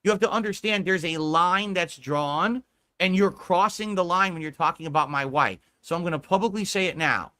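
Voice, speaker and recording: A man's voice: sits high, moderate pace, pushed and bright. A man streaming, scolding a viewer in a profane, emphatic rant.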